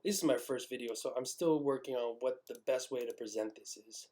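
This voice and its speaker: A man's voice: mid-range voice, fairly quick, warm tone. A man casually breaking down a song's lyrics, talking with many fillers and restarts and some swearing. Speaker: music lyric tutor. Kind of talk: casual screen-share lesson. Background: a baby heard at times.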